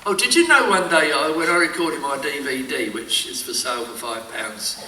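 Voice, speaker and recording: Bright-voiced guy rambling thru stories on a convention panel, far-off mic. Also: on the high side, lively intonation, moderate pace, slight background noise. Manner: rambling anecdotal storytelling. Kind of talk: casual panel chat. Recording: roomy echo, mic far off.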